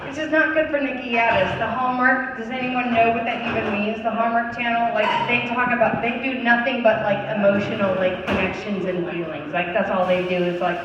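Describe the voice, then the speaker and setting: A young woman doing a stand-up set with a fairly high voice, animated and swearing freely as she talks to the crowd. Her voice bounces around a big echoey room with a long tail, heard from a distance. The sound is a little dull and lo-fi. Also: a little fast, hardly any pauses, background noise. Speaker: stand-up comedian. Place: comedy venue. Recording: echoey club mic heard from far off.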